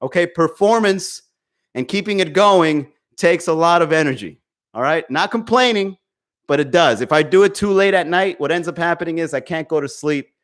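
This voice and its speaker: A man hosts a live comedy podcast from home, talking into a desk mic. His voice sits a little high for a man, and he swears freely while calling out chat viewers by name. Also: moderate pace. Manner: profane, animated, talks to chat viewers. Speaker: podcast host. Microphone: desk microphone.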